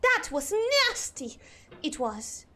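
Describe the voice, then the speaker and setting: A woman with a very high voice chats through a game stream in a prim, put-on posh English accent. She speaks slowly and deliberately. Her pitch swoops up and down with lively expression. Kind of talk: gaming livestream chat.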